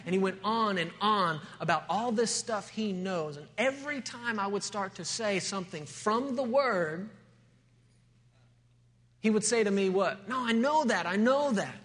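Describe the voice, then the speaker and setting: A man's voice: high voice, expressive, unhurried, a bit bright, big-room sound. A male pastor preaching a sermon, telling a story and building to emphatic, rising points.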